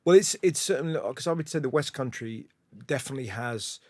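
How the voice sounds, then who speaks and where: A male host keeps a relaxed conversation moving, talking easily and now and then slipping into a playful accent. His voice sits at an everyday middle pitch. The recording is close and dry. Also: a little fast, dry recording. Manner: conversational, drops into comic impressions. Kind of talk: casual chat.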